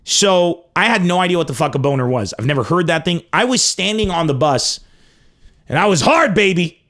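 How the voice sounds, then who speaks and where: A man from Lebanon telling a crude comic story with animated, profane emphasis. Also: a little high, fairly quick. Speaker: comedian host. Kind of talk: comedic storytelling.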